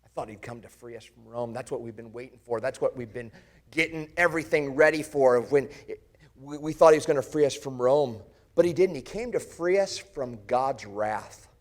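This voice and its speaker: A man's voice: mid-range voice, moderate pace, close to an everyday voice. A pastor playing the disciple Thomas, an earnest grown man, in a first-person dramatic sermon monologue, speaking with passion and turning to the listeners with searching questions. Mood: reflective.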